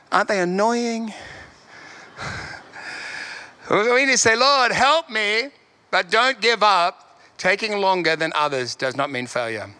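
A man preaching a sermon in a lively way, repeating his key lines and chuckling between points. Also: high voice.

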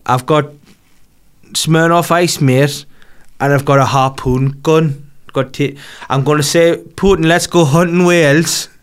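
A boozy male footballer rambles on about snacks, with a slurred, drawling delivery and mate at the end of every phrase. The voice is pitched well above the speaker's own and comes out louder, as a man puts it on. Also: fairly even intonation, measured pace, clear, resonant tone, natural voice. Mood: rowdy.

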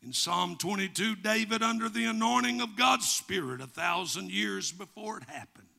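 Gravelly Southern pastor preaching. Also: male voice, high voice, lively intonation, normal speed, pushed and bright. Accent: Southern American. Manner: reads scripture aloud with rising emphasis, preacherly cadence. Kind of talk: sermon. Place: church.

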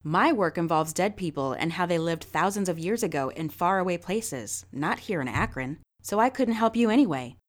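A woman voicing a stern, gray-haired archaeologist professor who speaks firmly and in a measured way, in a storybook reading. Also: lowish voice, expressive. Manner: firm and measured.

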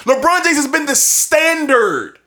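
A man's voice: very high voice, very animated, a little slow, sharp tone. A man hosting a sports show, ranting emphatically and repeating his points for effect, with bursts of laughter between points. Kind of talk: sports opinion rant.

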